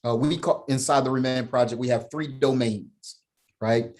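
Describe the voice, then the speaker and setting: Male podcast guest, mid-pitch, energetic storyteller, slangy and emphatic. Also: moderate pace. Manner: slangy, emphatic, laughs while telling stories; punctuates points with "right?". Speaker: podcast guest, founder of a men's program. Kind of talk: animated storytelling, casual talk.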